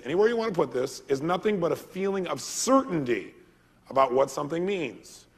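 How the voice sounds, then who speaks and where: Gravelly man lecturing in a big hall. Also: fairly high pitch. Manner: energetic, quizzes the audience with call-and-response questions. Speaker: motivational speaker. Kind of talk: seminar lecture to a live audience. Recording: long reverb of a large hall.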